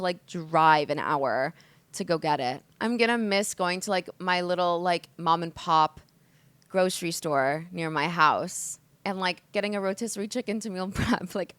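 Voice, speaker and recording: Hungover and emotional, a twentysomething American podcast host speaks openly in a solo monologue, swearing a lot and using "like" constantly. Her voice is fairly low in pitch, with no echo.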